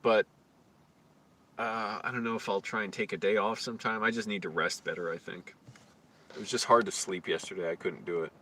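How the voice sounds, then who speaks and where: Guy griping on his vlog outside, bright tone, swears a lot, rambles. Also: fairly low pitch, steady tone, brisk, a little hiss or hum. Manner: rambling, crude, complaining. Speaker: vlogger. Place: outdoors on the street.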